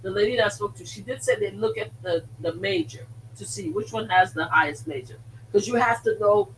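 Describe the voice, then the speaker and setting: A woman hosting a casual live stream, telling a story in an emphatic, animated way and repeating words for stress. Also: medium pitch, fairly quick, far from the mic, slight background noise, low-quality recording. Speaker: host of a slot-gambling live stream.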